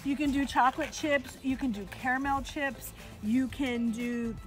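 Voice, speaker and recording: A woman's voice: sits high, steady tone, normal speed, soft background music. A middle-aged woman, a campground host, cheerfully explaining an outdoor cooking demonstration step by step outdoors. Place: outdoor campground by a fire pit.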